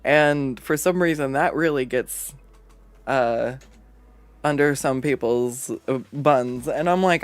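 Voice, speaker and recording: An artist streaming a drawing session, chatting casually, rambling, often laughing and swearing, and jumping up in pitch when acting out quotes. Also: slow pace, no echo, soft background music. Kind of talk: casual chat while drawing on a livestream.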